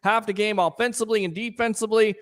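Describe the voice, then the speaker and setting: A man hosting a live call-in sports talk show, ranting in a fired-up, sarcastic way and shouting at times. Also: high-pitched, fairly even intonation, fast talker. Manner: sarcastic, scolding critics.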